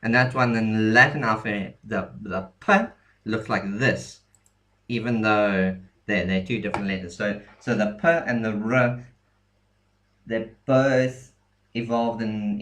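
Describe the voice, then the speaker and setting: Young guy teaching letters, kinda low voice, talks slow, keeps going um and restarting. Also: pushed and bright. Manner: hesitant, many ums and restarts. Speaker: language teacher. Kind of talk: casual explanatory lesson.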